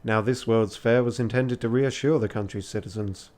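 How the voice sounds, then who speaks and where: A man's voice: lowish voice, steady tone, moderate pace, darkish tone. A tired man reading a text adventure aloud late at night on a charity stream, with joking asides.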